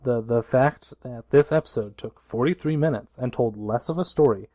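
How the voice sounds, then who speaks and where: A man's voice: mid-range voice, normal speed, mellow, poor audio. A young man co-hosting a casual podcast, a blunt and argumentative critic. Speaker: podcast co-host.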